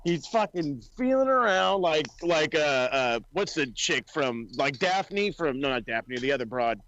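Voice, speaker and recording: A man's voice: a little high, unhurried, muffled recording, a little hiss or hum. A man co-hosting a wrestling podcast in casual chat, swearing freely and acting out quotes in funny voices. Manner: profane, excitable, acts out quotes in funny voices.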